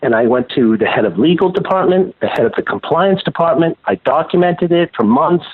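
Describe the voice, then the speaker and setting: A man being interviewed as a guest, telling his story in a measured, emphatic way. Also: on the high side, animated, slightly rough. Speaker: guest, former banker and whistleblower. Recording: tinny phone line.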